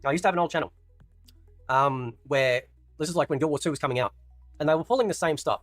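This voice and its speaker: Aussie guy ranting fast and blunt, dry close mic, some music under. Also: fairly high pitch, a bit bright, dry recording. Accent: Australian. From Australia. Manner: blunt, frustrated, keeps saying right. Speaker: YouTuber. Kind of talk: video commentary.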